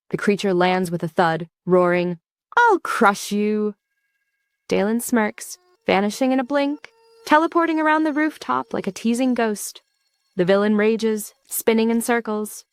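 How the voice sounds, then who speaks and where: A woman narrating a scripted comic recap in a quick, wry storytelling manner. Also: medium pitch, clear, resonant tone, no echo.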